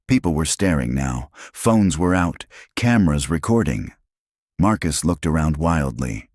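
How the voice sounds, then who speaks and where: A man narrating a scripted drama story in a measured, dramatic way. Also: rumbling low, expressive, a little mellow, no echo, clean studio sound.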